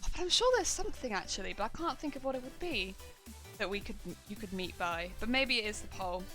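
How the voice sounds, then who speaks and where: A young woman chatting casually while she crafts on a live stream, rambling excitedly and laughing often. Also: mid-range voice, quick pace. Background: faint background music.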